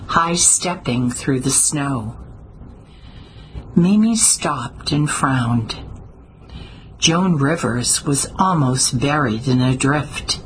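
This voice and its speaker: A woman narrating a story in a steady, measured way, with small slips now and then. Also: rumbling low, a little hiss or hum, poor audio. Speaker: audiobook narrator. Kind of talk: scripted narration.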